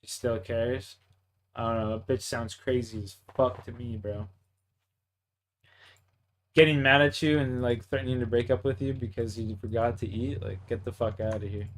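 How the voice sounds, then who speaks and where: A man's voice: mid-range voice, fairly even intonation, normal speed, a little hiss or hum. A young man from Canada with a Canadian accent, chatting casually in a laid-back, profane, slangy way. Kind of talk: casual chat.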